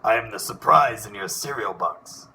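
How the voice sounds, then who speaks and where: A man voicing a theatrical, boastful male superhero duck who booms dramatic declarations. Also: expressive, moderate pace, vocal fry, bright, forceful tone, a little hiss or hum, exaggerated voice. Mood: grandiose.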